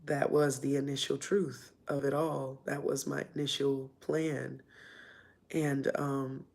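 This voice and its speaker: A woman's voice: rumbling low, level tone, takes it slowly, gravelly, a little mellow. A woman casually telling a personal story, rambling with lots of fillers and acting out what people said. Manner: rambling, with frequent fillers and re-enacted dialogue. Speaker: vlogger telling her life story.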